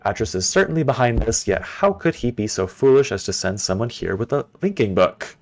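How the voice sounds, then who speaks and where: A man's voice: medium pitch, expressive, a little fast, creaky, a little hiss or hum, pitched above the performer's own voice. A man reading aloud as an arrogant older tyrant who writes scornful journal entries in a game. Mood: haughty.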